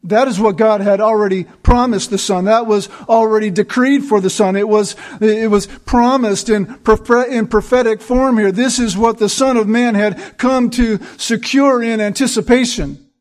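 A man's voice: high voice, fairly even intonation, normal speed. A man preaching a sermon, earnest and emphatic, building points through repetition. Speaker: pastor.

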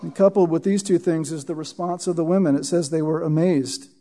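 A man preaching an expository sermon, teaching verse by verse, often pausing to ask "Right?" and repeating words for emphasis. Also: a little high, fairly even intonation, mellow. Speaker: pastor.

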